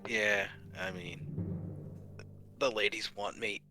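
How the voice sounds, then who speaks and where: A man's voice: lowish voice, fairly even intonation, slow pace, pushed and bright, soft background music. A man playing a tabletop game, bantering in character in a cocky, joking way. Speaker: tabletop player.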